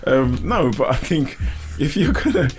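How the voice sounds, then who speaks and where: A man's voice: on the high side, normal speed. A man co-hosting a casual comedy podcast, teasing and laughing as he talks. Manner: animated, laughing, teasing banter. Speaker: podcast co-host.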